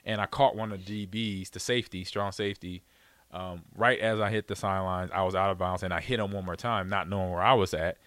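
A man's voice: low voice, a little fast, no echo. A middle-aged man, a former pro football player, telling a story in a casual way, acting out the voices of others and laughing often. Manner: animated, acts out quoted voices, laughs often.

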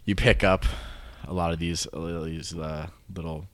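A man's voice: sits low, flat delivery, measured pace, no room sound. A young man in his twenties, a guest chatting casually on a podcast in a laid-back, rambling way. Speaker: guest, martial arts black belt. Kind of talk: casual podcast chat over drinks.

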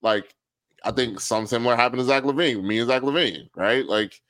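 A man's voice: medium pitch, brisk, dry recording. A man co-hosting a casual sports podcast, telling stories with lots of laughter and acted-out quotes. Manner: animated, laughs often, acts out quotes. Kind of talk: casual chat, storytelling.

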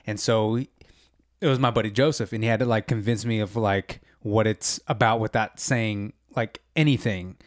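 A man's voice: lowish voice, steady tone, normal speed, no room sound, studio quality. A man chatting casually about a TV show, laid-back, saying "dude" and "man" and swearing freely. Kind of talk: casual chat.

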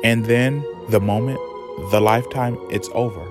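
A man's voice: medium pitch, fairly even intonation, normal speed, music in the background. A man retelling a story in a dramatic, chatty, profane way. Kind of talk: casual storytelling recap.

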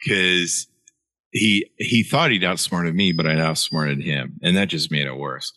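A man's voice: deep voice, normal speed, bright, forceful tone, no room sound. A middle-aged man, an author guest, telling a long story in an interview with many fillers and restarts.

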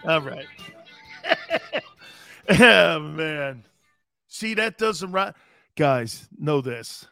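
Man, sports radio host, fairly high voice, dry close sound, rambling animated storyteller. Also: very slow, creaky, pauses often, no echo, faint music behind. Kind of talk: casual sports talk radio banter.

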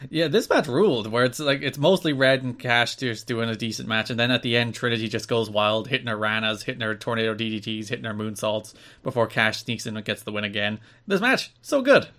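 A man co-hosting a casual wrestling review chat, animated and quick to laugh, often restarting his sentences. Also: medium pitch. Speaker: podcast co-host.

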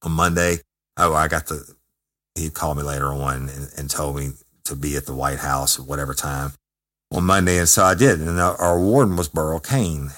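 A man with an extremely low, deep voice tells a story casually. He talks in a blunt, profane, emphatic way, punching out words as he goes. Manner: profane, emphatic, animated retelling. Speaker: former correctional officer telling a story.

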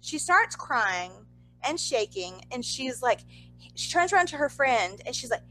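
Bright, high-pitched, animated woman. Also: slight background noise, poor audio. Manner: animated, talks fast with frequent fillers and asides. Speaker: podcast co-host. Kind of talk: casual storytelling chat.

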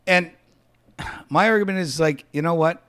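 A man's voice: fairly high pitch, normal speed, fairly bright tone, clean tone. A man hosting a podcast, chatting casually and bluntly, swearing freely and laughing easily. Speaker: podcast host. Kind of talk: casual chat.

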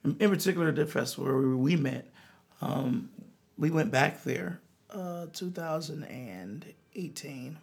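A man guest telling a long personal story in an interview, earnest and animated, often restarting his sentences. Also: fairly high pitch, a little slow, creaky, husky. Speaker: musician guest.

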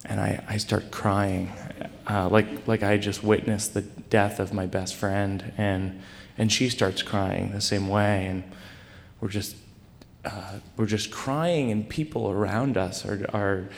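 A man telling a personal story to a live audience with a rambling, self-deprecating delivery full of halting restarts. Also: lowish voice, steady tone, vocal fry. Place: stage in a large hall. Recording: echoey live hall recording.

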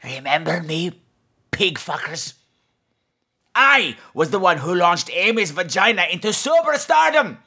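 A boastful, bloodthirsty gargoyle, bragging in a lively, sharp voice that leaps from shrill squeals down to low, sinister growls. A comedy podcast character monologue with a high, tense edge. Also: male voice, measured pace, gravelly, breathy edge, heavily acted. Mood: ranting. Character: gleeful vicious male gargoyle, petty and boastful. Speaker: podcast host.

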